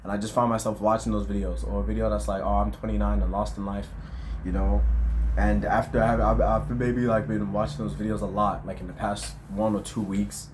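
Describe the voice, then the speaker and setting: Young man, low voice, rambling vlog talk, slangy and self-reflective, faint hiss behind. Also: level tone, a little fast. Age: 20s. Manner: reflective, with lots of fillers and slang. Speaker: vlogger. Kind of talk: casual rambling monologue. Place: outdoors at dusk.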